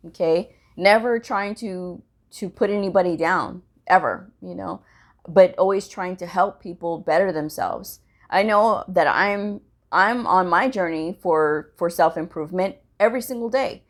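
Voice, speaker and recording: A woman's voice: mid-range voice, measured pace. A woman hosting a medical coding channel, giving blunt career advice in a casual vlog with frequent laughs. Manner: blunt, direct, laughs often.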